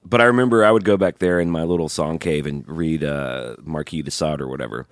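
Very deep-voiced joking man. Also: a little fast, no room sound, clean studio sound. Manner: joking, loose, swears. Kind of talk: casual chat.

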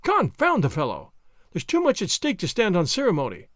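A man voicing a hulking, grim and impatient ruffian who barks loud commands in a story reading. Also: high voice, huge pitch swings, a little fast, dry recording, studio quality, heavily acted. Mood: gruff.

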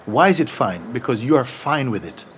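A man teaching at a satsang, speaking gently and playfully and laughing as he tells a story. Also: medium pitch, sing-song, moderate pace, a little hiss or hum. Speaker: spiritual teacher.

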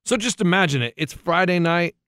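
A man's voice: high voice, brisk, a bit bright, no echo, clean studio sound. A man co-hosting a talk podcast, telling a long rambling story in casual chat and acting out other people's lines. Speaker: radio show co-host.

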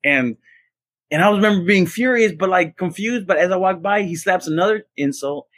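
Here a podcast co-host with a high-sitting voice speaks at a normal speed, free of room sound. In easygoing chat he spins stories with animation, voicing the people he quotes.

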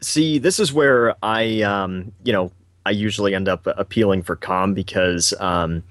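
Casting: deep-ish joking guy, dry close-mic sound. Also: a little slow, fairly bright tone, dry recording. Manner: teasing, joking. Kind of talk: casual chat.

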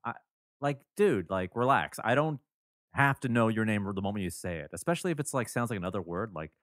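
A man's voice: fairly low pitch, expressive, brisk, no echo, clean studio sound. A man hosting a podcast, chatting casually with wry, sarcastic asides. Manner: wry, sarcastic reactions and rants.

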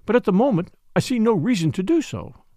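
A man's voice: sits high, very animated, fairly quick, dark tone, dry recording, pitched above the performer's own voice. A composed young Englishwoman speaks in a cool, clipped, polite way, voiced by a male narrator. Her voice sits a little raised and moves freely across its range, in a dry, close sound. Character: young British woman, composed and reserved.

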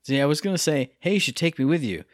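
A man's voice: fairly high pitch, animated, fast, no room sound, clean studio sound. A man from Michigan co-hosting a podcast, chatting casually with playful, mock-outraged teasing. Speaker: podcast co-host. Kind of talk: casual chat.

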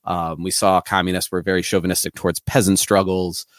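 Male podcast co-host, low-pitched and dry, earnest and rambling. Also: little pitch movement, fairly quick, no room sound. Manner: earnest, talks in long run-on points with fillers. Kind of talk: casual political podcast chat.

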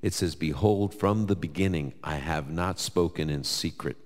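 A man from New York with a New York accent, answering audience Bible questions live in a conversational, lively way and quoting scripture. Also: low-pitched, moderate pace, in a large hall. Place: large hall with live audience.

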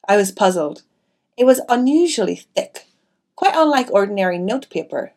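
A woman narrates a classic mystery audiobook in a steady, even reading voice. Now and then she drops into relaxed, chatty asides to the listener. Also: mid-range voice, normal speed.

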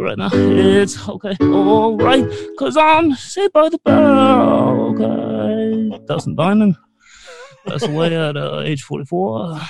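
A man's voice: fairly high pitch, creaky. A man voicing a rambling, self-promoting guest who tacks "okay" onto every phrase and croons bits of songs. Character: rambling gravelly man plugging a late-night show. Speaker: comedy bit guest.

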